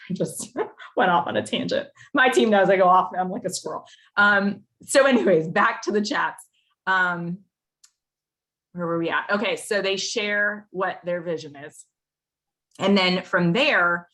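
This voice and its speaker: A young woman leading her sales team over a video call. She talks in an animated, rambling way and says "like" often. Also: on the low side. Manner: animated and rambling, heavy use of "like". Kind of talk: casual coaching talk.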